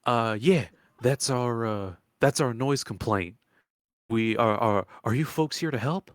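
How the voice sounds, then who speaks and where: A man's voice: medium pitch, a little slow, dry recording, clean studio sound, pitched above the performer's own voice, close to an everyday voice. A man voicing a folksy older woman who runs a swamp bait shack, with a put-on Southern drawl and a rambling way of talking.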